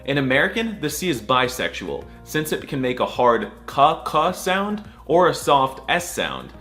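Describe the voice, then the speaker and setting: Faint music plays behind a young comedy explainer whose medium-pitched voice is sing-song and sharp, paced in a measured way. His scripted voice-over lesson is sarcastic, crude, and delivered with a mock-serious air.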